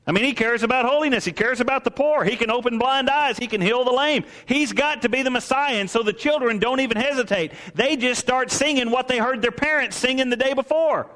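A man preaching a sermon, swinging from soaring exclamations to hushed asides and acting out the voices of the people in his story. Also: very high-pitched, a little fast, hardly any pauses, long reverb tail. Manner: acts out voices of priests and merchants. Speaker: pastor.

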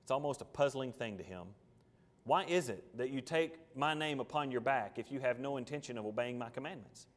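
A man preaching a sermon with passion, firing off rhetorical questions and swinging between loud and hushed. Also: mid-range voice, brisk, in a large hall.

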